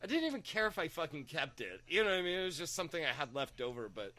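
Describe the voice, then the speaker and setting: A young man on a podcast spins a rambling anecdote in a bright, forward voice, jumping up in pitch whenever he quotes someone else. His talk is loose and profane, full of fillers. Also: rapid-fire, dry recording. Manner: animated anecdote-telling, swearing, acting out quotes with raised pitch. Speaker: podcast co-host. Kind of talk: casual storytelling chat.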